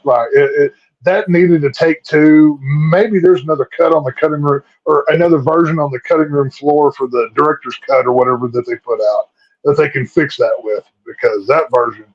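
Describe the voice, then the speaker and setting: A man hosting a casual movie review chat, making measured points and comparisons. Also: on the high side. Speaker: podcast host. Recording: dull lo-fi audio.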